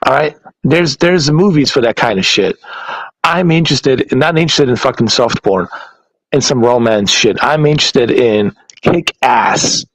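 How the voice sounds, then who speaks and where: A man's voice: medium pitch, measured pace, rough recording. A man hosting a podcast in a casual, blunt rant, swearing heavily and laughing at his own points. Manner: heavy swearing, blunt and exasperated, laughs often. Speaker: podcast host.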